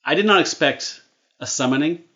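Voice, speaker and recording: A man hosting a casual movie podcast, easygoing and quick to laugh. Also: a little high, expressive, sharp tone, highs cut off.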